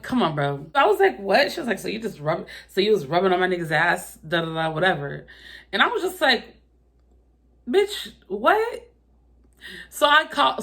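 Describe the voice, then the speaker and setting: A young woman retells a personal drama straight to camera, swearing freely and punching key moments with loud, incredulous outbursts. Her voice sits in a middle pitch and moves in a relaxed, conversational rhythm. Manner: profane, animated retelling with exaggerated quoted outbursts. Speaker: storytime vlogger. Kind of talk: casual storytime vlog.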